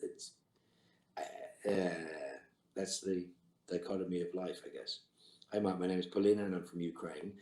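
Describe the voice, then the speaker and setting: A middle-aged man, an actor on a virtual fan Q&A, reading out fan questions and answering with dry, terse quips over a video call. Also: extremely low pitch. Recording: roomy echo.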